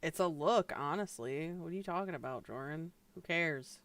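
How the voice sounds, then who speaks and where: A woman's voice: deep voice, moderate pace. A woman co-hosting a livestream over a voice call, throwing in dry, dismissive quips. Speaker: co-host. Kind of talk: casual livestream chat.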